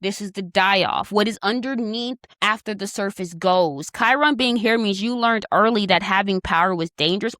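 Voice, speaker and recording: A woman's voice: medium pitch, fairly bright tone, no echo, clean studio sound. A young woman, hosting a casual astrology talk in a chatty, teasing manner with affectionate asides. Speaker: astrology host.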